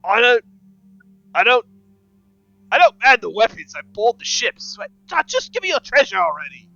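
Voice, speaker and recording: Guy putting on a loud orc pirate, high and bright, swings all over, kinda muffled dry mic. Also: expressive, fairly quick, dry recording, soft background music, exaggerated voice. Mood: flustered. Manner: blustery, flustered when questioned. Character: gruff male orc pirate raider.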